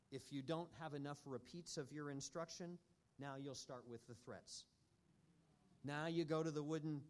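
A man teaching a church parenting class in an earnest, measured way with frequent pauses. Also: medium pitch.

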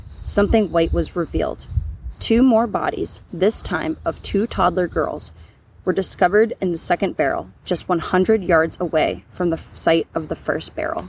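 A woman's voice: fairly low pitch, gravelly, a little mellow, slight background noise. A woman co-hosting a true crime podcast, reading the case as a script and then chatting loosely about it with many restarts. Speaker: podcast co-host.

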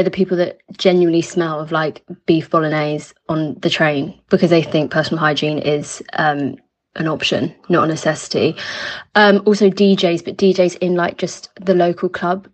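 Low-voiced woman leaving a voice note. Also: steady tone, moderate pace. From England. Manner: nervous, chatty listing of pet peeves.

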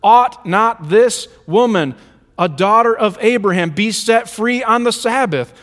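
A man voicing a stern but compassionate teacher delivering a slow, pointed rebuke during a sermon. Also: sits high, expressive, a bit bright. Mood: rebuking. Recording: reverberant hall.

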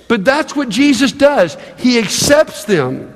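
A man's voice: very high-pitched, sing-song, slow, hardly any pauses, in a large hall. A man preaching a sermon as pastor, conversational and emphatic, repeating himself for stress.

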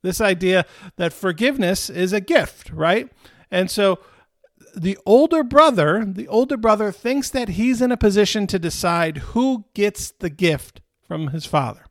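Male pastor, sermon, conversational delivery, slightly high voice, dry sound. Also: animated, measured pace, fairly bright tone, no echo. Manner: conversational, repeats phrases for emphasis.

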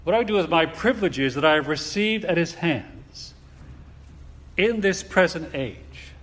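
In a sermon, a man with a fairly high, expressive and slightly bright voice preaches slowly and deliberately, leaning on his words. He poses rhetorical questions, and a long hall reverb rings around him.

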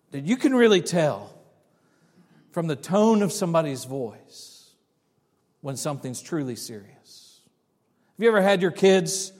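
High-voiced male pastor preaching in a reverberant church. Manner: conversational storytelling with frequent restarts. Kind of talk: sermon.

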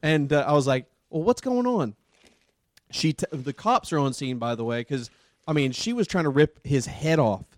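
A man who works as a paramedic tells a story in a casual, animated way, with lots of fillers like "dude" and "man". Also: mid-range voice, moderate pace, no echo. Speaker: paramedic and podcast host.

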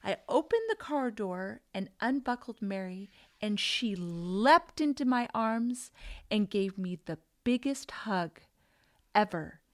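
A woman in her thirties or forties sharing an emotional faith testimony, earnest and sometimes hushed. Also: mid-range voice, animated, slow pace. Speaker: guest sharing her story.

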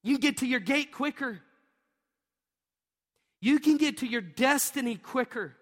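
A middle-aged pastor preaching a sermon, animated and storytelling, often laughing and acting out voices. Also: male voice, extremely high pitch. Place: large church hall. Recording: long hall reverb.

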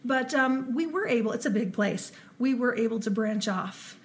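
A woman from Ohio, USA, co-hosts a podcast and tells paranormal stories in casual chat, full of ums and laughs. Her voice is a little high, with lively intonation and normal speed.

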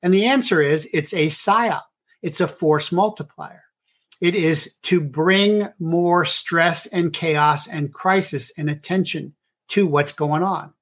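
Middle-aged man, slightly high voice, rambling host monologue heavy on fillers. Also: slow, fairly bright tone. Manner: rambling with many filler uhs. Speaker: show host. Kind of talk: casual monologue.

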